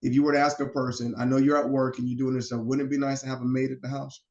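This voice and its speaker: A man guesting on a podcast, telling stories in a lively, animated way and acting out the quotes. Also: mid-range voice, rapid-fire. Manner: animated storyteller who acts out quotes. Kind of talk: casual storytelling chat. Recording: roomy, slightly dull sound.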